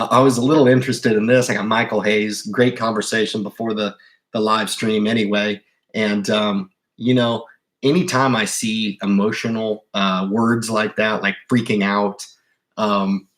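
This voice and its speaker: A man's voice: on the low side, fairly bright tone. A man hosting a livestream about investing, talking casually and emphatically, often restarting his sentences. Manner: rambling, emphatic, with repeated restarts; insistent advice to viewers. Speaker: investing channel host.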